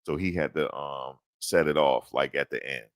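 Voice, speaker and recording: A man recapping events in a casual, animated storytelling manner, slangy and repetitive. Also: very deep voice, moderate pace, no room sound, studio quality. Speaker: commentator recapping a court hearing.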